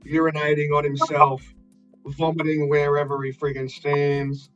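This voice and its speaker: A man's voice: on the high side, monotone, measured pace, a bit bright, muffled recording, faint music behind. An Australian man in blunt, profane casual chat, ranting with fired-up energy.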